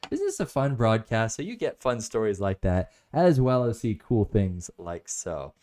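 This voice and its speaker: A man's voice: lowish voice, big pitch swings, moderate pace, mellow. A man hosting a casual live product review, enthusiastic and rambling into stories.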